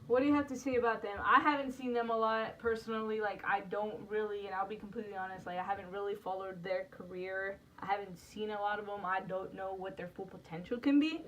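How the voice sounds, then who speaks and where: On a laid-back wrestling review podcast, this co-host talks fast with hardly any pauses, her mid-range voice fairly bright. She drives the segments, hopping between topics in a chatty way and leaning heavily on "like." Her distant mic captures background noise too.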